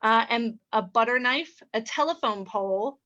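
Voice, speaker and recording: Woman, high bright voice, giggly, chatty, dull video-call sound. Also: normal speed. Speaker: improv game host. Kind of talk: casual improv hosting.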